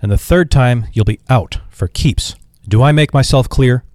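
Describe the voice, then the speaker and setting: A man's voice: mid-range voice, moderate pace, a little mellow, dry recording, studio quality, lightly acted. A man reading aloud and voicing a genial, sly, retired old shipping magnate who drawls his words.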